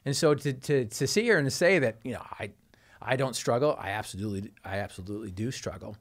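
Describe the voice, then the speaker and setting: A man, a motivational speaker, telling a personal story in an earnest, emotional way with dramatic pauses. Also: mid-range voice.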